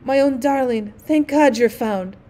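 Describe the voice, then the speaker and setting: A woman's voice: sits high, unhurried, warm tone. A woman reading the part of a relieved mother murmuring fond words to her child, in a storybook reading. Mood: tender.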